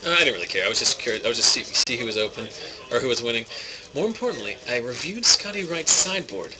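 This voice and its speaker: A man's voice: mid-range voice, expressive, fast talker, poor audio. A young man from West Virginia with a West Virginian accent, commentating a card tournament in easygoing, dry casual chat.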